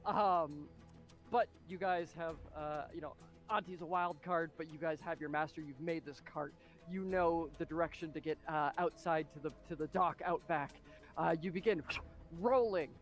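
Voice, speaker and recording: A man narrating as game master of a tabletop game, excitable and full of fillers and spoken sound effects. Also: on the high side, normal speed, soft background music.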